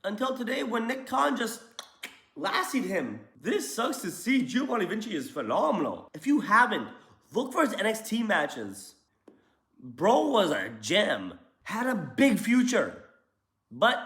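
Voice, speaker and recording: A man's voice: sits high, very animated, unhurried, fairly bright tone. A young man giving casual, jokey wrestling commentary as a show host, talking in loose slang. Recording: roomy echo.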